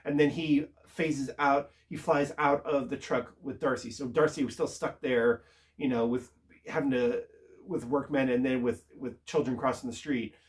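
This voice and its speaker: A man casually recapping a TV episode, rambling and halting with lots of filler words. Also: medium pitch, steady tone. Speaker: TV show reviewer.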